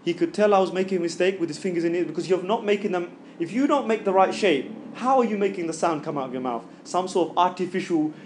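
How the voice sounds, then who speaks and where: Chatty man teaching recitation, slightly high. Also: fast talker, hardly any pauses, darkish tone, slight background noise. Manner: chatty, keeps checking in with "yeah?"; demonstrates sounds by voicing them aloud. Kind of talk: informal classroom lesson.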